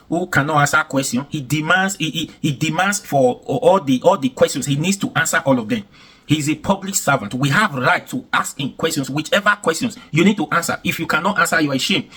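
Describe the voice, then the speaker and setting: A man's voice: on the high side, a bit bright, husky. A man with a Nigerian accent giving heated reaction commentary, indignant and emphatic, with lots of repetition. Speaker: commentary vlogger.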